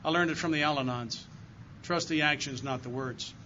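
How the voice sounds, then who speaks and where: An older man on the AA speaking circuit shares a heartfelt recovery testimony directly with the audience in a meeting room. His fairly high voice sounds pushed and bright at a moderate pace. There's a little hiss or hum on the dull, lo-fi live recording.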